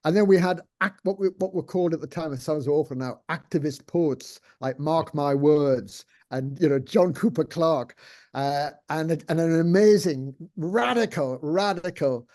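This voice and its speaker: A man's voice: on the high side, warm tone. An older man, a guest in an interview, talking casually and rambling with many restarts. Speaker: interview guest, former TV executive producer.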